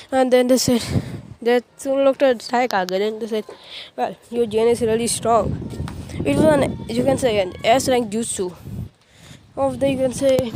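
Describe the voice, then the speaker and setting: A woman's voice: fairly high pitch, background noise. A woman casually retelling a fan story in a rambling, filler-heavy way with frequent restarts.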